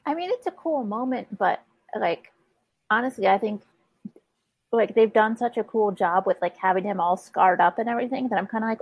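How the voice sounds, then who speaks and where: Breathy higher-voiced woman chatting. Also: moderate pace, darkish tone, no echo, low-quality recording. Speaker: panel guest. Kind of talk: casual panel chat.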